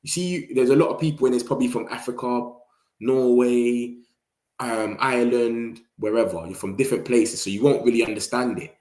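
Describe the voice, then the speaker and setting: A young London man hosts a football fan channel, chatting casually to his live-stream audience in loose, slangy talk and sometimes mimicking rival fans. His voice is medium-pitched, fairly quick and darkish, with a roomy sound.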